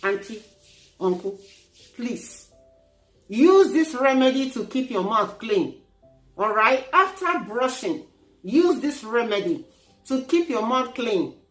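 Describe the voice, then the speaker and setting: A woman's voice: on the high side, very animated, slow pace, pauses often, echoey room, faint music behind. A Nigerian woman vlogging in a playful, teasing and preachy tone, joking as she lectures her viewers. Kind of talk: casual humorous vlog.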